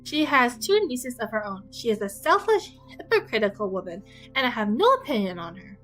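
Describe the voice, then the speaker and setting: A woman voicing a fretful, excitable middle-aged mother, complaining in a shrill, fussy way. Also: a little fast, faint music behind, poor audio. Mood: fussing.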